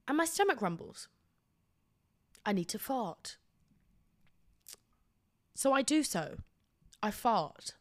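A woman's voice: a little high, sing-song, unhurried, long pauses. A British woman hosting a podcast, telling a comic story in a blunt, sweary, self-deprecating way. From Britain. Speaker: podcast host.

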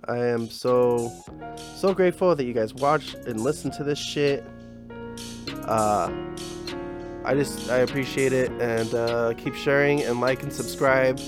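A man's voice: mid-range voice, measured pace, music in the background. A young man hosting a podcast, chatting in a casual, rambling way, full of slang, swearing and fillers. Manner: profane, slangy, filler-heavy. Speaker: podcast host. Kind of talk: casual rambling comedy chat.

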